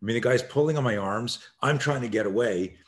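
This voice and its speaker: A man's voice: mid-range voice, a little fast. A man, a self-defense expert, telling a story as a podcast guest and acting out the scenes with animation.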